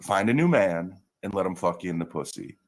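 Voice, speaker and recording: A man's voice: deep voice, lively intonation, brisk. A man in a played-back clip, talking in a blunt, scolding way.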